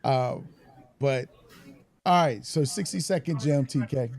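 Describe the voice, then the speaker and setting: A man's voice: medium pitch, a little slow, a little mellow. A man co-hosting a casual filmmaker panel chat, joking and laughing often. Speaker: podcast co-host.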